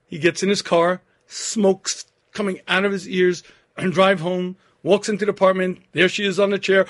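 A man in his fifties giving a Torah lecture, telling stories earnestly and clearing his throat often. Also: high voice, steady tone, moderate pace, a bit bright.

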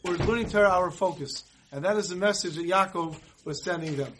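A man giving a Torah class, telling a story and acting out the dialogue in lively voices. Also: sits high, a little fast, a little hiss or hum, low-quality recording. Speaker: rabbi.

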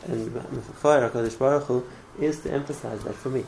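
A man's voice: medium pitch, steady tone, a little fast, creaky, darkish tone, a little hiss or hum, poor audio. A man teaching a religious class in an earnest way, often repeating words and restarting his phrases. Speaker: Torah teacher.

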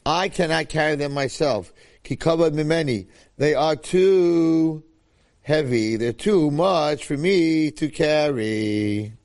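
Guy teaching torah informally, kinda high voice, lots of repeating and acting stuff out. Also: takes it slowly. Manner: animated, acts out quotes, repeats phrases.

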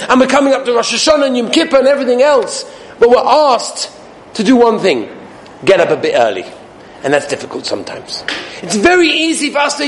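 High-voiced man telling a lively parable. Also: slight background noise. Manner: lively storyteller, acts out quotes, laughs while teaching. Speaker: rabbi giving a Torah class. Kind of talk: sermon with a told parable.

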